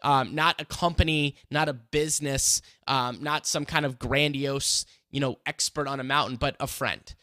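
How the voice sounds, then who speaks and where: A man's voice: medium pitch, fairly even intonation, moderate pace, few pauses, bright, forceful tone, no echo. A man hosting a casual mini lesson, talking energetically and conversationally with many fillers and rhetorical questions. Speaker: host teaching online marketing.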